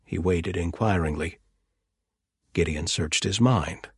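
A man reading a novel aloud in a measured, descriptive narration. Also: low-pitched, vocal fry, breathy edge, dry recording, clean studio sound. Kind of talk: audiobook narration.

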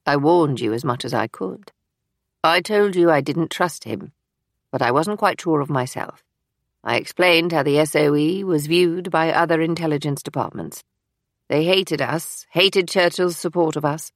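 A woman reading the part of an older woman, a former wartime intelligence officer, in a brisk, dry, matter-of-fact manner in an audiobook. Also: low voice, dry recording.

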